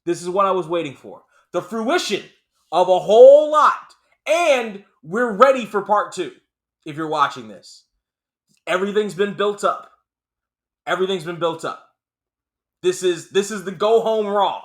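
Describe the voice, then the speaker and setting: A man giving a casual movie review, animated and emphatic, often repeating lines for effect. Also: high-pitched, measured pace, pauses often.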